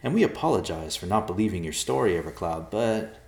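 A man voicing a timid short man who speaks in a hushed, pleading way. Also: low voice, animated, brisk, creaky. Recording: roomy echo.

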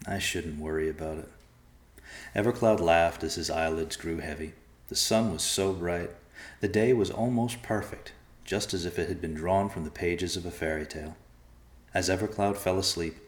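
A man narrates a storybook in a calm, even way. His voice is very low, and the echoey room around him is easy to hear. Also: moderate pace.

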